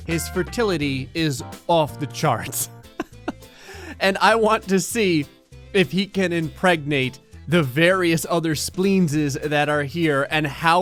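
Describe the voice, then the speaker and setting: Brief: male let's play commentator, gleeful and sarcastic, fairly high voice, quick laughs. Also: a bit bright. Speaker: gaming commentator.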